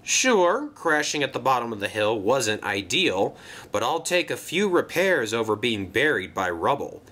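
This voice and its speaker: A man's voice: medium pitch, sing-song, normal speed, sharp tone. A man voicing a blunt, impatient male engine. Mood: brusque.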